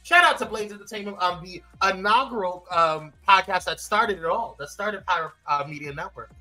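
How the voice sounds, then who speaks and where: A man hosting a casual live-stream morning show, animated and playful, his voice swooping high when he teases. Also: normal speed, faint music behind, rough recording. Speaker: host.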